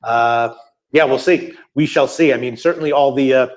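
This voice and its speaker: A man's voice: mid-range voice, moderate pace. A man answering viewer questions in a casual studio chat, rambling with lots of fillers and restarts. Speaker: guest sports bettor answering viewer questions.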